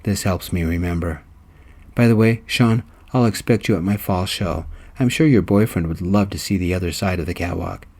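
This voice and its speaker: A grand older fashion designer woman, effusive and theatrical, gushing over young talent, as a man reads her lines. The voice sits low and mellow, close to the reader's own. She sounds like a character from a spoken storybook. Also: moderate pace, slightly rough.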